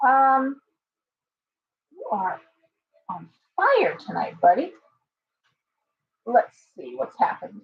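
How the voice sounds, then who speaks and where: Gravelly and on the high side, her voice is very animated yet slow, with frequent pauses. The tarot-reading host chats loosely on a dull lo-fi livestream from a home room with open windows, breaking off to baby-talk her pet parrot.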